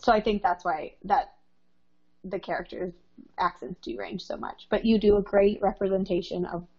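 A woman's voice: mid-range voice, fairly even intonation, moderate pace. A woman co-hosting a casual podcast chat, thoughtful and supportive. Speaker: podcast co-host. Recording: dull lo-fi sound.

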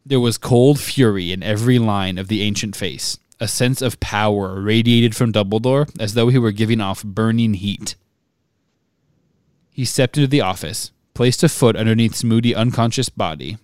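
A man co-hosting a podcast, reading a novel aloud with steady expression and breaking off to chat and laugh. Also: lowish voice, normal speed, clear, resonant tone, no room sound, clean studio sound.

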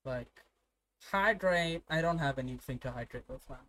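A young man from India talks casually with a friend, full of swearing and quick anecdotes. His voice sits slightly high. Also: crowd noise. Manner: profane, storytelling, laughs often. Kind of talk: casual chat.

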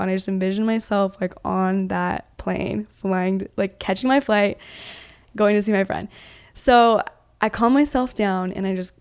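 A woman's voice: medium pitch, steady tone, unhurried, darkish tone, smooth. Chatty young woman telling travel stories. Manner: chatty, upbeat, heavy use of "like". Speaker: podcast guest. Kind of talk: casual podcast storytelling.

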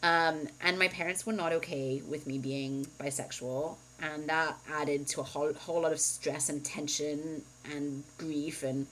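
A woman's voice: low voice, steady tone, unhurried, few pauses, fairly bright tone, a little hiss or hum, poor audio. A woman in her thirties, co-hosting a podcast and candidly telling a personal story in casual chat, full of "like" and "um". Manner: candid, chatty storytelling with frequent "like" and "um". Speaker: podcast co-host.

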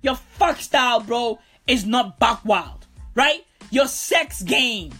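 A woman comedian rants through a stand-up bit, swearing freely and calling everyone "bro." Her voice is breathy and husky, and it sits fairly high. She takes her time, but her pitch jumps around a lot. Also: lively intonation, slow, fairly bright tone, soft background music. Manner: profane, rambling, calls everyone "bro". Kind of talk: stand-up rant.

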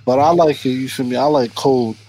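A man's voice: medium pitch, brisk, dark tone. A man hosting a podcast in casual chat, joking around and often adding "you feel me". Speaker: podcast host.

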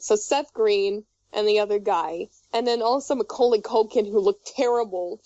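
A woman's voice: a little high, mellow, no echo, muffled recording. A woman on a podcast telling a story in casual chat, laughing often and swearing freely. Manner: laughs often through her story, loose and profane.

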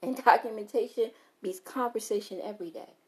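A woman's voice: medium pitch, a little fast. A woman giving an unscripted motivational talk, blunt and emphatic, repeating her key phrases and swearing freely. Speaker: motivational speaker.

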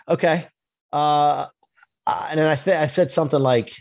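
A man telling a personal business story in a casual interview, animated and acting out the dialogue. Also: fairly high pitch, moderate pace, no room sound, studio quality. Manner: animated, acts out quoted dialogue, swears casually. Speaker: podcast guest, entrepreneur.

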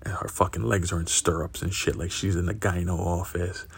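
A young man hosts a podcast and tells raunchy stories in a loose, profane, laughing way. His low voice is gravelly and husky. He talks casually to his listeners, swearing constantly. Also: a little fast. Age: young adult. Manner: profane, laughing, animated storyteller. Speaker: podcast host. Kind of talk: crude casual storytelling.

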